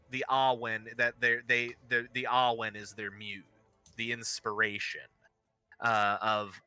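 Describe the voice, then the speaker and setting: Slow, bright-voiced male game master. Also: on the low side, clean tone. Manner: rambling, halting narration with many fillers. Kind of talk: narrating a tabletop game.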